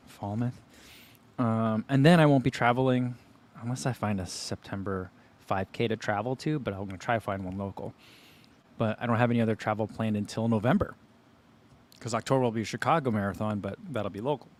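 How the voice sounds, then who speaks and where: A man in his thirties hosts a running livestream from home, taste-testing snacks and reading out viewer questions. His voice sits at an ordinary middle pitch, relaxed and chatty, and he sometimes talks through a mouthful. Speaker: running channel host. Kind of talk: casual livestream food tasting.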